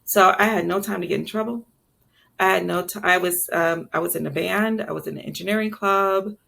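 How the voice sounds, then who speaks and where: A woman in her late forties speaking as an interview guest, her voice low and heavily gravelly with vocal fry. She talks candidly and reflectively, circling back with fillers and restarts as she recounts her past. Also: steady tone, a little fast, a bit bright. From Brooklyn and South Carolina. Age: late 40s. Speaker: guest chef and entrepreneur. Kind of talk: casual interview storytelling.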